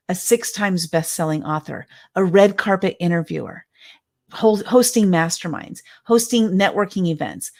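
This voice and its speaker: Woman in her 50s doing a motivational talk, earnest and emphatic, repeats herself for effect. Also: lowish voice. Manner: heartfelt, emphatic, with repeated phrases. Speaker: speaker and business coach.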